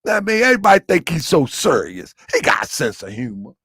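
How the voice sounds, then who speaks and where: A man hosting his own channel, ranting loudly and laughing through animated commentary. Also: fairly high pitch, quick pace, husky, no echo. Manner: loud, laughing, animated rants. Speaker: channel host.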